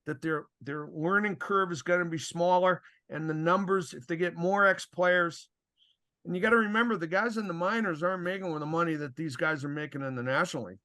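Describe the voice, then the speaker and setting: Older man telling animated hockey stories. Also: sits high. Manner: animated storyteller, acts out quoted exchanges, chuckles often. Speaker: podcast guest, former referee. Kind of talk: casual storytelling chat.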